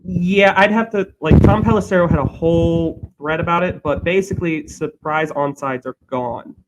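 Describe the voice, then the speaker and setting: A man's voice: on the high side, moderate pace, heavy background noise. Young man rambling through sports news. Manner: rambling, thinks aloud with restarts. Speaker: podcast co-host. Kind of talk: casual chat.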